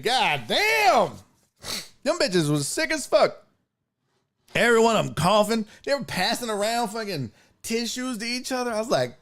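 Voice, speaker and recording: Guy ranting on his stream, cussing a lot, voice a bit high and bouncing all over. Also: moderate pace. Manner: profane, animated, ranting. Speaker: host. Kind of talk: casual stream storytelling.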